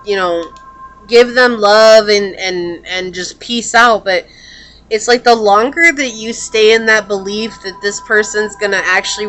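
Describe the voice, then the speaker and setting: A woman's voice: mid-range voice, fairly bright tone. A woman giving a casual tarot reading to her viewers, chatty and full of fillers and restarts. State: hiccups. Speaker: tarot reader.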